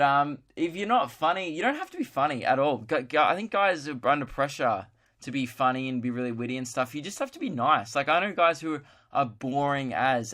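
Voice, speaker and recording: A man's voice: medium pitch, fairly bright tone. A young man hosting a solo podcast, chatting casually in a rambling, joking, self-mocking way. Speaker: podcast host.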